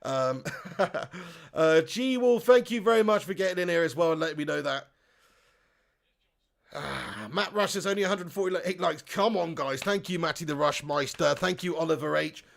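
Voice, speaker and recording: A man hosting a live football watch-along, reading out chat comments and shouting at the big chances. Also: on the high side, expressive, normal speed, vocal fry.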